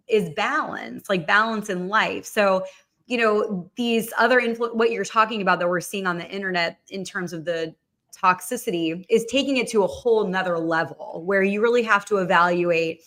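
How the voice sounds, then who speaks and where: Bright-voiced chatty woman host. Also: mid-range voice. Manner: chatty, many fillers. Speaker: podcast host. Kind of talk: casual livestream talk.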